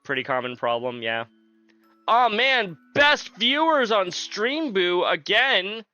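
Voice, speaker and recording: Male streamer, bright lively voice, joking casual commentary, slightly dull audio with game music under it. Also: high voice, slow pace, dry recording. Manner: chatty, joking with chat.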